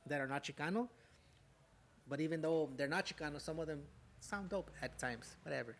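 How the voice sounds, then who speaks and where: Man, young adult, from southern california, slightly high pitch, casual storytelling, profane street slang. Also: brisk, creaky, a bit bright, slight background noise. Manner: profane, streetwise slang, tag words "way" and "fool". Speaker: podcast guest, rapper.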